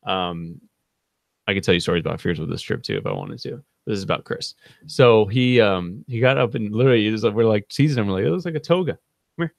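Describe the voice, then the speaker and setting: A man's voice: lowish voice, a little fast, vocal fry, no echo, clean studio sound. A man in his thirties hosting a live stream, rambling through funny stories about a friend, laughing often and quoting people in a raised voice. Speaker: channel host. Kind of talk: casual storytelling on a live stream.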